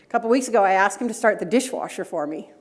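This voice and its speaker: A woman's voice: mid-range voice, expressive, quick pace. A middle-aged woman giving a conference breakout talk, telling stories and asking the audience rhetorical questions. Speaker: conference speaker, data governance director. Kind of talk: conference talk with personal anecdotes.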